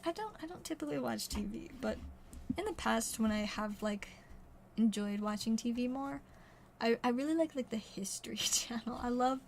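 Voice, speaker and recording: A woman's voice: fairly high pitch, a little mellow, a little hiss or hum. A young adult woman livestreaming card pack openings, rambling chattily and often correcting herself. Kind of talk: casual chat.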